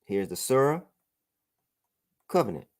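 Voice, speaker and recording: A man's voice: fairly low pitch, sing-song, measured pace, gravelly. A man teaching a religious class over a broadcast, often saying "all right" and checking that his student follows along.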